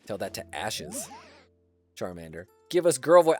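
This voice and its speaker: A man's voice: lowish voice, big pitch swings, unhurried, darkish tone, no room sound, faint music behind. A man streaming a game who chats to viewers, laughs often and swears casually. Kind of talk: casual live-stream gameplay chat.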